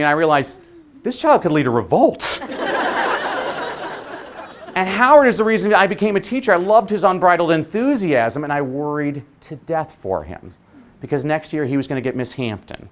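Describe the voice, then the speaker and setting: Man, keynote speaker; lively, wide-ranging pitch, comic timing, live audience. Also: moderate pace, a faint crowd, slight background noise. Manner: animated, humorous, punchy. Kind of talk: motivational conference keynote. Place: conference venue before a live audience.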